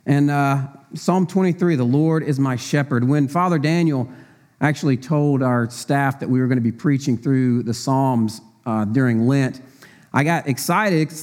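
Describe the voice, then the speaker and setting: A man's voice: mid-range voice, moderate pace, a little mellow. A middle-aged man preaching a sermon in church as a deacon, chatty and conversational, asking rhetorical questions with frequent fillers.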